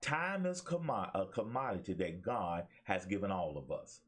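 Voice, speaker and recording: Animated low-voiced Alabama preacher-host. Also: male voice, normal speed. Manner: preacherly call-and-response, addresses viewers as "y'all". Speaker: talk show host and pastor. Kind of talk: motivational preaching on a live talk show. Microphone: webcam.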